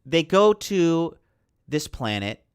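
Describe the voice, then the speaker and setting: A man's voice: a little high, sing-song, slow pace, smooth, dry recording, studio quality. A man hosting a livestream and ranting in a heated, profane, rambling way, sleepless late at night. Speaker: podcast host.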